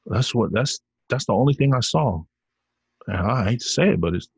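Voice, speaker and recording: Husky low-voiced man ranting on a podcast. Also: animated, brisk, dry recording. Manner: rambling, profane, heated. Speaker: podcast host. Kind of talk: solo podcast rant.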